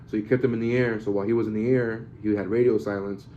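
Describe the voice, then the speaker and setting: Fast, profane, rambling man. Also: fairly low pitch, steady tone, a little hiss or hum. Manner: rambling, profane, hedging storyteller. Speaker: podcast host. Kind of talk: casual podcast chat. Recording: slightly dull lo-fi podcast audio.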